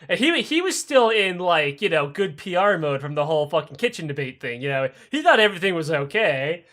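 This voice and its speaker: A man's voice: sits high, fairly quick, few pauses. A man co-hosting a podcast, telling history as a casual, profane comedy story and acting out the people in it with raised voices. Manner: animated, profane, acts out quoted figures in raised voices. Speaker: podcast co-host.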